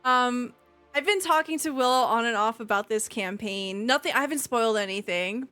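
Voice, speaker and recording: A woman hosting a casual post-game chat as game master, cheerful and quick to laugh. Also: a little high, pushed and bright, no echo, soft background music.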